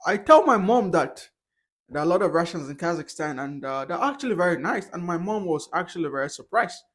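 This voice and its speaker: A young man vlogging to the camera in a casual, hesitant way, often restarting and correcting himself. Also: on the high side.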